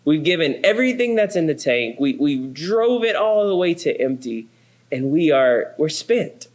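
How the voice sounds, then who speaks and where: Animated man preaching with family stories. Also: fairly high pitch, moderate pace. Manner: animated storytelling, acts out quotes. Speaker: pastor. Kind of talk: sermon with humorous family stories.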